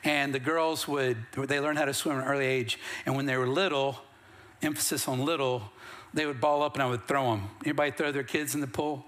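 A man's voice: medium pitch, fairly even intonation, brisk, fairly bright tone. A middle-aged man preaching a sermon as pastor, moving between plain, conversational storytelling and rising bursts of emphasis. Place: church sanctuary.

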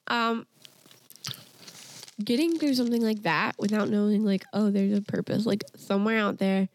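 A young woman talks in a relaxed, meandering way, stopping and starting with fillers. Her voice has a gravelly edge. The recording is dry and close. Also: medium pitch, no echo. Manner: rambling storytelling with many fillers. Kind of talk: casual chat.

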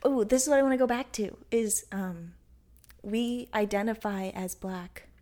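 A young American woman in casual podcast conversation, full of quick affirmations and playful asides. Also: mid-range voice, mellow.

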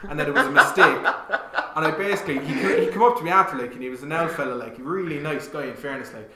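A young Irish man telling stories in casual chat, animated and swearing often, with plenty of "like" fillers. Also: on the high side, fast, noisy background. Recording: roomy echo.

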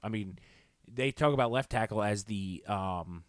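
A man co-hosts a sports podcast in a fairly low voice, riffing on football with strong opinions and frequent restarts. The sound is dry and close to the mic. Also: a little slow, no room sound. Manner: opinionated, talks in long runs with restarts. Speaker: podcast co-host. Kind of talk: casual sports talk.

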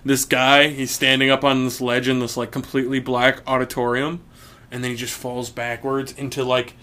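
A man's voice: mid-range voice, level tone, normal speed, pushed and bright. Young male co-host, rambling and crude, loose casual delivery. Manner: rambling, many fillers, laughs a lot. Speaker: podcast co-host.

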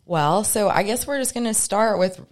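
A woman's voice: mid-range voice, normal speed. A woman co-hosting a podcast, talking in an upbeat, chatty way and laughing often. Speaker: podcast co-host. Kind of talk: casual podcast chat.

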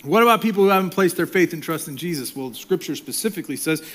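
Middle-aged pastor guy preaching, a bit high voice, goes loud then drops to whispers. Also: expressive, fast talker. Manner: dynamic, swings from loud to soft whispers. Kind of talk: sermon.

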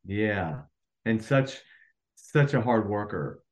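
A man on a podcast as an actor guest, speaking in a somewhat low voice. He chats in an easygoing way, often agreeing and adding friendly asides. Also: expressive, takes it slowly. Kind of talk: casual chat.

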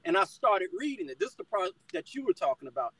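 A middle-aged man speaks with a strikingly high, lively voice that swings up and down as he tells his testimony. He is fired up and keeps calling his listener brother. The sound is close and dry, with no room around it. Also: fast talker, no echo, low-quality recording. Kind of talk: personal testimony in conversation.

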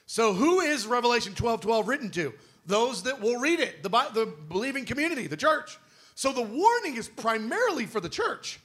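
A man's voice: extremely high pitch, sing-song, a little fast, a bit bright. A man preaching a sermon in a conversational, emphatic way, firing off rhetorical questions.

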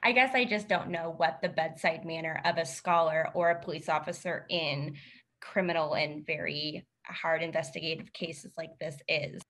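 A woman's voice: deep voice, moderate pace, fairly bright tone. A woman host in conversation, thoughtful and tentative, wondering aloud as she asks her question. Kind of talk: conversational interview.

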